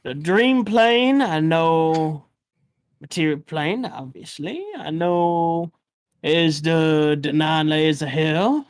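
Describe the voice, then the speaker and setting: A woman's voice: sits low, slow pace, no room sound, clean studio sound, pitched below the performer's own voice. Woman putting on a mumbly folksy old man. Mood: musing. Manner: folksy, hesitant, full of uhs and trailing thoughts. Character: rambling old man who sends adventurers off.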